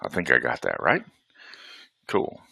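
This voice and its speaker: A man's voice: extremely low pitch, wildly swooping pitch, a little slow, gravelly, pushed and bright, slightly rough, dry recording. A man with a Southern US accent hosting a live webinar from home, chatting in a folksy way and greeting attendees by name. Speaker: webinar host.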